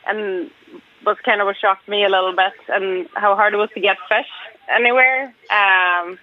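A woman's voice: medium pitch, fairly even intonation, normal speed, narrow, tinny audio. A Swedish woman with a Swedish accent mixed with Northern Irish, a restaurant owner chatting in a radio interview, giggly and hesitant. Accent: Swedish, with a Northern Irish mix. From Sweden. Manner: giggly, hesitant, many fillers.

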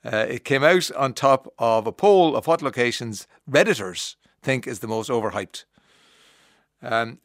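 Irish man, radio host, chatty and wry, middle pitch, dry close studio sound. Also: a bit bright, no room sound. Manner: chatty, wry, musing with frequent "uh"s and self-amused asides. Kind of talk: casual radio monologue. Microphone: studio microphone.

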